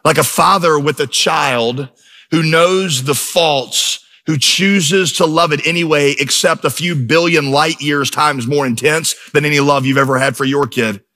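A man's voice: fairly high pitch, measured pace, bright, forceful tone. A middle-aged man preaching a sermon in a church, emphatic and storytelling, building to intense peaks. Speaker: pastor.

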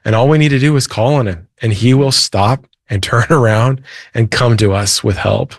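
A man's voice: medium pitch, normal speed, no room sound, studio quality. A man, a preacher and author, earnestly retelling a Bible story as an interview guest.

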